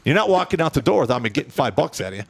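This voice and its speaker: A man's voice: on the high side, very fast, vocal fry, a little hiss or hum. A middle-aged man telling profane, blunt stories from his army years in a casual chat. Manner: profane, blunt, animated storyteller. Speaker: guest telling war stories.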